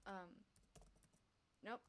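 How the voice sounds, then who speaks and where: A young woman casually commenting on her own game play on a livestream, chatty and giggly, talking to herself and her chat. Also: drawn-out words. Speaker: streamer playing a block-building game.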